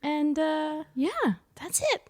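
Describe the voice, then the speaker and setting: A woman's voice: high-pitched, level tone, slow pace, darkish tone. A woman co-hosting a casual pop-culture podcast, bubbly and gushing, laughing often as she talks. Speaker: podcast co-host.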